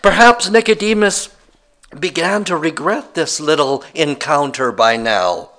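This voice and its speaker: A man's voice: a little high, animated, measured pace, fairly bright tone. A man preaching a sermon, retelling a scripture story in a conversational way with wry asides.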